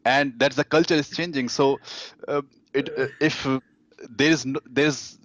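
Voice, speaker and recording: A man with an Indian accent, a dating coach talking as a guest in a casual interview, halting, with many fillers and restarts. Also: mid-range voice, fairly even intonation, a bit bright.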